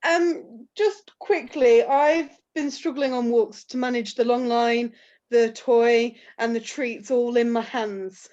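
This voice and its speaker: Woman student on a video call, hesitant question, fairly high voice, dull audio. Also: fairly even intonation, slow, darkish tone. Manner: hesitant, with fillers. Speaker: class participant.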